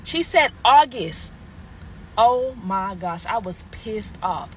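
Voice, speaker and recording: A woman's voice: medium pitch, expressive, slow, a little hiss or hum. Blunt, heated woman telling a storytime. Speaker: mother telling her own story. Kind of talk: casual storytime.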